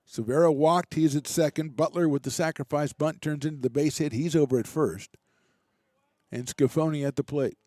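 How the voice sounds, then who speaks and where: A man doing relaxed, chatty play-by-play commentary for a college baseball game, with self-deprecating asides. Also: on the high side, normal speed, no echo, clean studio sound. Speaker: play-by-play announcer.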